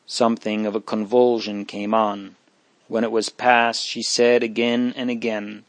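A man reading aloud an old religious story in a measured, solemn way. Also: on the low side, flat delivery, no echo. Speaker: narrator.

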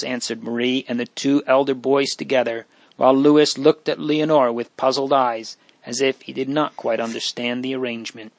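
A man narrating a storybook in a steady, unhurried reading voice. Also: medium pitch, gravelly, no room sound. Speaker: audiobook narrator.

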